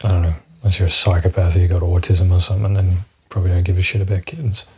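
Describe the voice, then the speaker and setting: A man's voice: deep voice, level tone, racing, dark tone, slightly rough. A man hosting a solo podcast, rambling and swearing freely as he drifts from topic to topic, with lots of fillers. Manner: rambling, profane, sidetracked, with many fillers. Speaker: podcast host.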